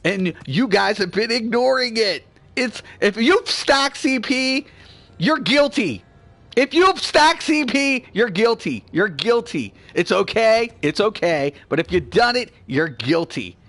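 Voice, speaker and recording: A man in his forties hosting a gaming channel, ranting bluntly and swearing freely, swinging between low grumbling and loud excitement. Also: measured pace, vocal fry, few pauses. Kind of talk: casual gameplay rant.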